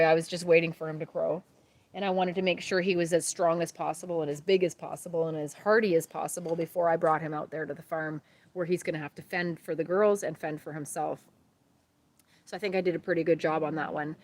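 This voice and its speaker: A woman, chatting casually as a homesteading host on a livestream, rambling and warm-hearted. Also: fairly low pitch. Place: outdoors at night by a grill.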